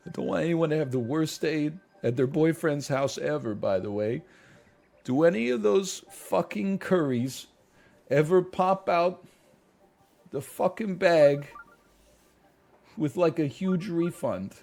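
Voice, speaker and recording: A man's voice: fairly high pitch, measured pace, gravelly. A young man streaming, reacting to online posts in casual, mocking commentary and slipping into sarcastic quoted voices. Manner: animated, mocking, swings into sarcastic put-on quotes.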